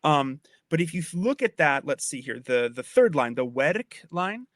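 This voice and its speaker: Very animated yet unhurried, a man with a slightly high voice hosts a podcast on Old English poetry, recorded in clean studio sound without echo. His casual lecture is chatty and a touch wine-tipsy, with frequent repeats, restarts and checks that the listener is following.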